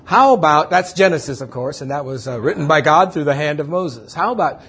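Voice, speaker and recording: A male pastor speaking in a slightly high, husky voice. He reads scripture in a measured sermon cadence. Now and then he turns to playful quizzing of his congregation. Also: expressive, a bit bright.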